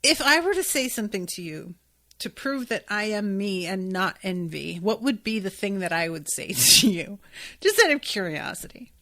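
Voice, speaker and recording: Woman host, relaxed recap talk, loose and profane, mid-range voice. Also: mid-range voice, moderate pace. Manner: chatty and profane, with laughs and asides. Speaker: podcast host. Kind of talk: casual episode recap.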